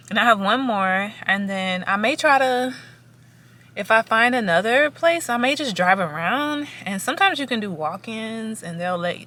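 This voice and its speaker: A woman's voice: mid-range voice, bright, forceful tone. A young woman chatting casually in a rambling vlog update, recorded sitting in a car on a camera mic. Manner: rambling, chatty, many fillers and restarts. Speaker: vlogger. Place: in a parked car. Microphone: camera with foam windscreen.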